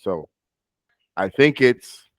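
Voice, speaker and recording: Speaking very slowly in a lowish, expressive voice, an American man works one-on-one with a student on spoken English. He's a patient coach who keeps interrupting his own sentences, and there's no room sound in the recording.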